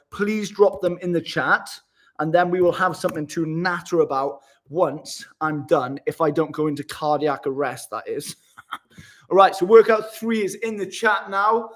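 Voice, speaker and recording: Chatty man with a high voice. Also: fairly bright tone. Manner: chatty, laughs often, says mate constantly. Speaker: live-streaming vlogger. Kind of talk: casual live-stream chat. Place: hotel room.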